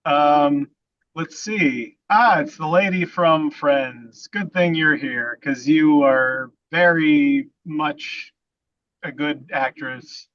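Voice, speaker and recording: A man improvising a comedy scene in a halting, hesitant, deadpan way. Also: fairly high pitch, dry recording, lo-fi sound. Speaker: improv player.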